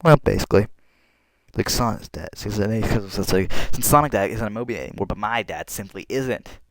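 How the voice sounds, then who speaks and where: A man's voice: on the low side, fairly quick, dry recording. A man casually retelling a comic in his own words, rambling and leaning on "basically" and "like". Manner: rambling, filler-heavy retelling with lots of "basically" and "like". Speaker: fan summarizing a comic. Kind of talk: casual recorded commentary. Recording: noisy homemade recording with clicks.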